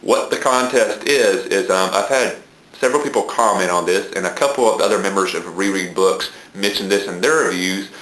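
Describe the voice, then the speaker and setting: A man with a Southern US accent talks casually as a book reviewer on his video blog, pausing often with ums. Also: deep voice, a bit bright. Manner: hesitant, many ums. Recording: echoey room.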